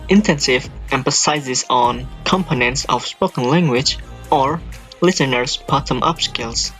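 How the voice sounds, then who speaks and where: A young man presents to his class, laying out his points in a steady, explanatory way. His voice is mid-pitched, with soft music faintly audible underneath. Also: unhurried. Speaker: student presenter.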